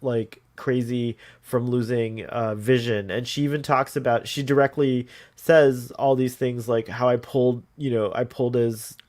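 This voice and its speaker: On a casual podcast chat, a male co-host rambles along with plenty of "like" fillers and quick laughs. He talks at a moderate pace with hardly any pauses, in a level, medium-pitched, slightly mellow voice.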